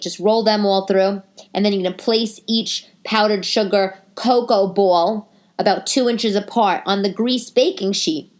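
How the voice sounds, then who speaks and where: A woman, a stand-up comic hosting a casual chat, talking in a chatty, animated way with many fillers. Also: mid-range voice. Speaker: podcast host and stand-up comic. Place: living room.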